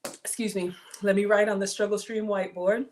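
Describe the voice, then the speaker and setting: A woman's voice: mid-range voice, flat delivery, fairly quick, a little mellow, a little hiss or hum. A woman in her forties with a mild Southern American accent, chatting casually with livestream viewers while she cooks and thanks them for their support. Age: 40s. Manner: chatty, thanks viewers, addresses chat as y'all. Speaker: home cook livestream host.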